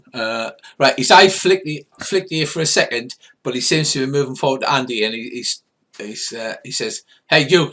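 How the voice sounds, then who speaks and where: A man's voice: mid-range voice, a bit bright. Older man running a tabletop game. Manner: loose, rambling narration with restarts and sound effects. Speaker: game master.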